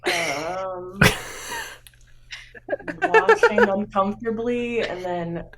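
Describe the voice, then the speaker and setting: A woman's voice: mid-range voice, sing-song, drawn-out words, fairly bright tone. A woman playing a tabletop game, describing actions hesitantly with many fillers. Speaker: player. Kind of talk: tabletop role-play.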